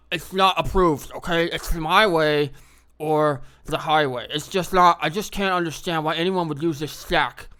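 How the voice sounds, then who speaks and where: A man's voice: on the high side, voice pushed up. A man doing a smug elitist team lead. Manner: loud, drawn-out, condescending.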